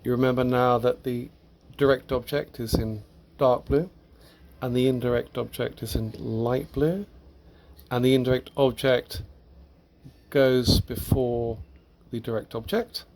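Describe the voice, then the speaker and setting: Slow, patient man teaching grammar. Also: mid-range voice, fairly even intonation, darkish tone. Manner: patient, explanatory, with occasional small laughs. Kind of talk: recorded language lesson.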